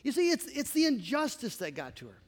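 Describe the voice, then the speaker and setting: High-voiced man preaching in a reverberant hall. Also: fairly quick. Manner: conversational and animated, with asides and laughs. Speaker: pastor. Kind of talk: sermon.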